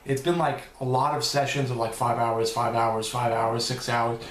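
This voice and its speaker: A man's voice: medium pitch, little pitch movement, normal speed, reverberant. A man answering viewer questions in a loose, rambling vlog, swearing now and then. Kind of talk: casual Q&A vlog.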